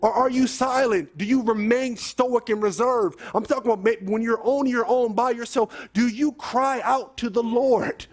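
A man's voice: very high voice, steady tone, normal speed, few pauses. A man preaching a sermon, reading scripture and earnestly exhorting his listeners.

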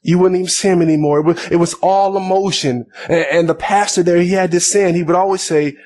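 A man with a noticeably high voice preaches a sermon. He reads scripture aloud, then breaks into plain, conversational explanation, often repeating words and restarting his phrases. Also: steady tone, fairly quick, darkish tone.

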